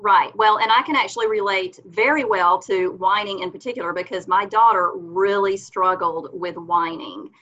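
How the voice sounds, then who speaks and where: A woman guest on a faith-based parenting podcast, explaining earnestly and acting out the gentle words she says to her children. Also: mid-range voice, normal speed, few pauses, lo-fi sound. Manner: earnest, explanatory, acts out mother-child dialogues.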